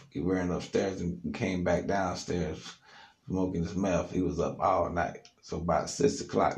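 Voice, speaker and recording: A man casually telling a story on his podcast, loose and animated, with plenty of fillers, recorded alone in an echoey studio room. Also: low-pitched, vocal fry.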